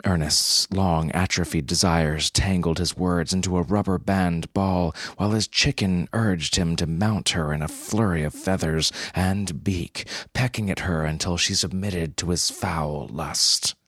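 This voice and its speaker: A man narrating a story in a dry, deadpan way. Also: deep voice, a little slow, hardly any pauses, no echo.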